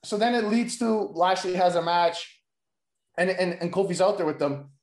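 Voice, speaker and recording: A man in a casual chat, pitching wrestling storylines in a rambling way, with constant fillers and free swearing. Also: normal speed, darkish tone. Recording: roomy echo.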